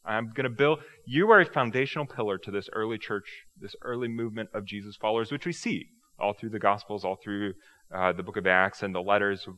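A male pastor giving a casual, conversational sermon, firing off rhetorical questions and poking fun at himself. His voice sits low but rings bright and forceful. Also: brisk.

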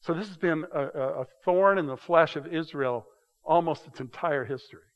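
A man teaching a casual Bible study in a conversational, halting way, often restarting and repeating words. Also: fairly high pitch. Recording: dull sound with long hall reverb.

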